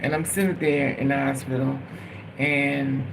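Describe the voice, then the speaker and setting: A man's voice: medium pitch, little pitch movement, unhurried, creaky, background noise. A man telling a personal story in a casual, rambling way, swearing freely and laughing at his own telling. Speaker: storytime vlogger.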